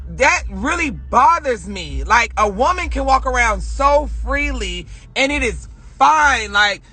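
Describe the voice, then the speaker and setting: A man's voice: extremely high pitch, very animated, slow, pushed and bright, husky. A man livestreaming from his car, ranting with passion and heavy swearing. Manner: emotional, profane, passionate. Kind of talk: casual heated rant on a live stream. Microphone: phone.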